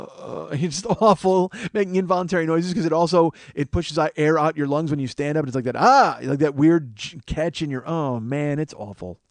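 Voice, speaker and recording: A man's voice: medium pitch, a little mellow, dry recording. A man hosting a podcast, telling rambling, profane comic stories in a casual monologue. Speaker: podcast host.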